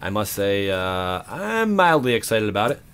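An excitable man talks casually to his viewers while he opens card packs, counting out loud and swearing freely. His voice sits a little low. Faint clicks sound in the background of his home recording. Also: moderate pace, a little hiss or hum. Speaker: card-opening channel host. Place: home room.

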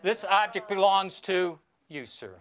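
A man's voice: high voice, animated, a little slow, heavy background noise. Older man giving chatty stage magic patter. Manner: chatty, instructive, gently teasing the volunteers. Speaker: magician performing for an audience. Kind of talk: archival stage performance with patter.

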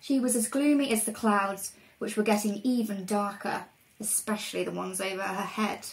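A woman reading a storybook aloud to children in a lively, expressive way. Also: medium pitch, moderate pace, creaky, a little hiss or hum, low-quality recording. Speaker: reader.

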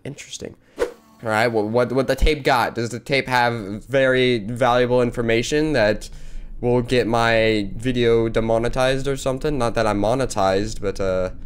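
A man's voice: medium pitch, a little hiss or hum. Male gaming YouTuber, casual and jokey, narrating his playthrough. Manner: joking, reads on-screen text aloud. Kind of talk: casual gameplay commentary.

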